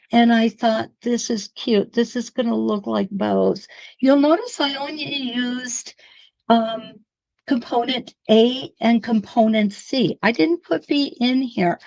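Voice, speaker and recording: A woman's voice: on the high side, gravelly, a little mellow, muffled recording. A middle-aged woman teaching a quilting demo to online viewers, chatty and talking to them as she works, with a laugh now and then. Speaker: quilting instructor. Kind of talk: live-streamed quilting demo.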